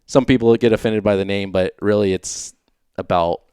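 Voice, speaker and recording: A middle-aged man talks as a podcast guest in a low, smooth, resonant voice. His delivery is relaxed and loose, with easy laughs and trailing fillers. The recording is dry and close. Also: moderate pace, no echo. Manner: laid-back, laughs easily, trails off with fillers. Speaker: podcast guest, off-road racer and team owner. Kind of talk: casual chat.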